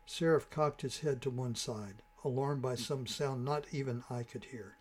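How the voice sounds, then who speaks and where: A man reads a storybook tale aloud. His voice is mid-pitched and even. He narrates in a measured, dramatic way.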